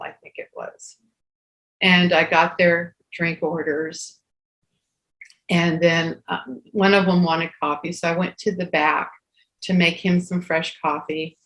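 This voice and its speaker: A woman in her sixties, co-hosting a casual talk and telling a personal story, acting out the dialogue. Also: lowish voice. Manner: animated storyteller who acts out quoted dialogue. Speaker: co-host. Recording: roomy echo.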